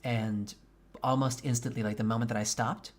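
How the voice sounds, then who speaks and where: A man streaming a game, chatting casually with his viewers, candid and quick to swear. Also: mid-range voice, steady tone. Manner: candid and profane, venting frankly. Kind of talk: casual chat with live viewers.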